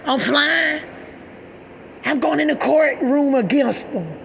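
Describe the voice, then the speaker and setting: A woman's voice: high-pitched, expressive, slow, vocal fry, a bit bright, a little hiss or hum. Agitated middle-aged woman ranting. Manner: agitated, emphatic, swearing, repeating herself. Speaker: mother speaking out in a video. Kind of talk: impassioned personal rant to camera.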